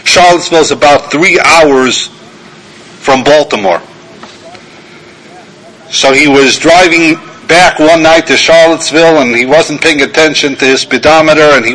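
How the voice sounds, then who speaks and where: An older rabbi, appearing as a guest lecturer, gives a sermon-style talk built around an anecdote, telling it in a self-deprecating way and acting out the characters. His voice is a little high and a bit bright, and the audio is poor.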